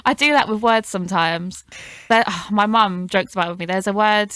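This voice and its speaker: A chatty woman, telling stories as a podcast guest and breaking into laughter often. Her voice sits at a middling pitch. The recording is dry and close. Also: a little fast, fairly bright tone, clean tone, no room sound. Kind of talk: casual chat.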